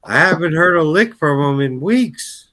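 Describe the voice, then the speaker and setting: Laid-back co-host with a high, bright voice. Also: male voice, expressive, moderate pace. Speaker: podcast co-host. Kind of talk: casual comedy podcast chat.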